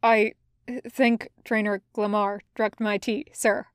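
A woman reading the lines of a young male cadet, hoarse and halting as he reports to a superior, in a crisp close recording. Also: medium pitch, flat delivery, no room sound, natural voice. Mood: strained.

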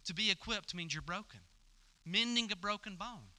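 A man's voice: sits high, lively intonation, moderate pace, sharp tone. A male pastor giving a conversational sermon, telling the story and acting out the dialogue with stammers and fillers.

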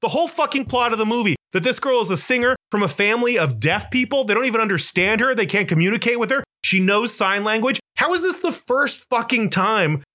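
A man's voice: high voice, lively intonation, a little fast, hardly any pauses, sharp tone. A man co-hosting a podcast in casual movie chat, ranting animatedly with lots of swearing, his voice jumping up when he gets worked up. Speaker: podcast co-host.

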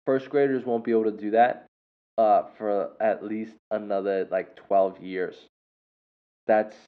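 A man hosting a show and telling a story in a casual, rambling way, with many fillers and self-corrections. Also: lowish voice. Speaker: podcast host and English teacher. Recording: tinny phone-like sound.

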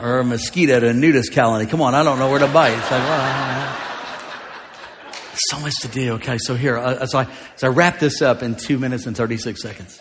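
A man preaching a sermon as pastor, moving from joking asides to shouted declarations. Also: medium pitch, fast, hardly any pauses, noisy background. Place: large church auditorium. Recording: live in a large hall with music behind.

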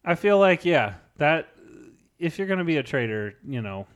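A man's voice: a little high, moderate pace. A man co-hosting a casual podcast, telling a history story with frequent laughs and fillers. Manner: laughs often, chatty and喜 animated. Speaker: podcast co-host.

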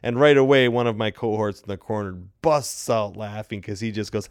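A man hosting a podcast, deadpan and crude, telling stories in casual banter. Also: fairly low pitch, a little fast, hardly any pauses, smooth, dry recording, clean studio sound. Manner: deadpan, crude joking storyteller. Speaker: podcast host.

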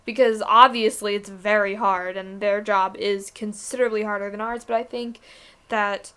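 A woman's voice: mid-range voice, fairly even intonation, normal speed, a bit bright, smooth. A young woman co-hosting a podcast, talking candidly and casually about work, swearing now and then. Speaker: podcast co-host. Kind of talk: casual chat.

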